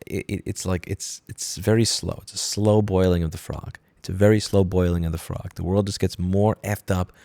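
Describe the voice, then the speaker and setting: Deep and dark, the commentary host's voice holds a steady tone at normal speed with few pauses. His angry rant is full of profane, sarcastic outbursts, and he mocks by adopting fake corporate voices. He speaks close to a studio mic in a dry recording.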